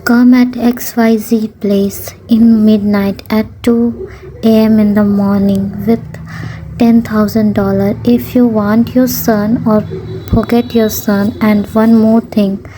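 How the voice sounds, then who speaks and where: A creepy male kidnapper taunts with a smirk, voiced by a woman reading a story. His words come slow and flat, in a dark, mellow tone. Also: fairly high pitch, slight background noise, low-quality recording. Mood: taunting. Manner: smirking, menacing.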